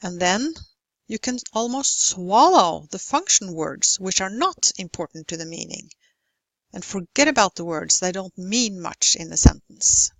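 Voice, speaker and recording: A woman explaining pronunciation as an English teacher, speaking slowly and enunciating clearly. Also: mid-range voice, animated, no echo, low-quality recording. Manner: slow, deliberate, clearly enunciated. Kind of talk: instructional lesson narration.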